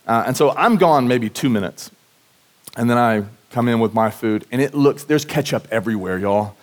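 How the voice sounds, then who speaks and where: A male pastor, preaching at mid pitch in an easygoing, conversational way. He mixes Bible teaching with homey stories from family life, talking earnestly and loosely, with plenty of "like" and restarted phrases. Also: animated, normal speed. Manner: casual and earnest, frequent "like" and restarts. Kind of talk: conversational sermon with personal stories. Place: church service.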